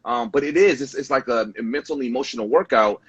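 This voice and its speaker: A man's voice: mid-range voice, quick pace, breathy edge. A man hosting a livestream interview, talking in a thoughtful, affirming way and often repeating his words. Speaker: host.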